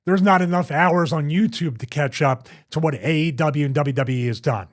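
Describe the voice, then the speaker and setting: A man's voice: a little high, moderate pace. Emphatic Philly-accented man ranting. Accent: Philadelphia. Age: older. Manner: emphatic, animated rant. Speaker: show host, former wrestler. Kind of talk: casual podcast chat.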